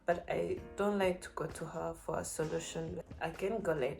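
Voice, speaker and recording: A woman's voice: lowish voice, brisk, vocal fry, hardly any pauses, a little mellow, soft background music. A young woman giving casual, earnest advice to camera, encouraging and full of "like" and "you know". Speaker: vlogger.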